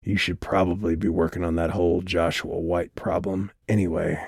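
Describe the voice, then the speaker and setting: A menacing, sneering clown-faced man with a low growl, played by a male audiobook narrator. His mocking lines sit deep and dry on a close mic. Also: unhurried, creaky, a little mellow, no echo, heavily acted. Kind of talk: audiobook character voice.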